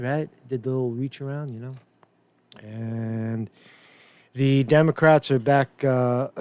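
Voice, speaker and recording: A man's voice: mid-range voice, a little mellow, no echo. A man hosting a political commentary show, loose and profane, rambling with frequent restarts. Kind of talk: casual commentary.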